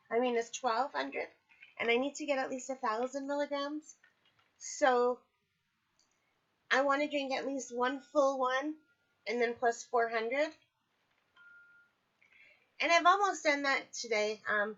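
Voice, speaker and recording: Woman vlogger, fairly high voice, chatty and candid, recovering and sore, dull lo-fi home audio. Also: fairly bright tone. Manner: chatty, candid, apologetic asides. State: recovering from surgery, in pain. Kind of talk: casual personal video diary. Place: at home, indoors.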